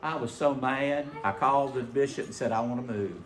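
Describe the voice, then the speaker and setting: Male pastor, animated folksy storyteller, mid-pitched, reverberant church sound. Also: a little fast. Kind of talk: sermon. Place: church sanctuary.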